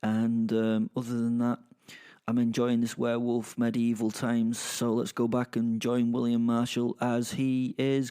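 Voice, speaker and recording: A podcast host talks in an offhand, rambling way. He is self-deprecating and casual, wandering between thoughts at a middle pitch. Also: flat delivery, normal speed, dark tone, clear, resonant tone.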